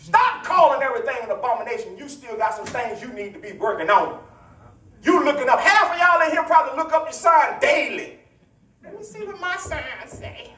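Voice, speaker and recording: A male preacher with a high, swooping voice delivers a teaching sermon, teasing and hollering at his congregation. He sounds set back from the mic, and the church rings around him. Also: sing-song, fairly quick, bright, forceful tone. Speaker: pastor. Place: church sanctuary. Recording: echoey church, voice from far off mic.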